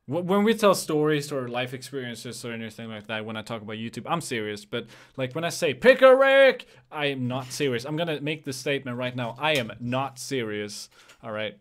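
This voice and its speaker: A man's voice: medium pitch, a little fast, fairly bright tone. A young man hosting a casual podcast, rambling through explanations with lots of fillers and restarts. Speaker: podcast host. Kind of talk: casual chat.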